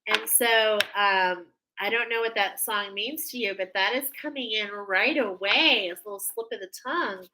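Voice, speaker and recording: A woman's voice: mid-range voice, normal speed, hardly any pauses, noisy background. A woman giving a live spiritual card reading, gushing and emotional as she describes the images she sees. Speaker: intuitive card reader. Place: live stream at home.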